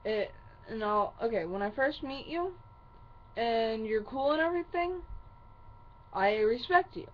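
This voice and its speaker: Fiery young-sounding woman venting to camera, full of profanity, slightly high voice, faint hiss behind. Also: animated, unhurried, pauses often. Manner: heavy swearing, fiery and upset. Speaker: vlogger. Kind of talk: angry personal rant to camera. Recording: muffled lo-fi recording with faint hiss.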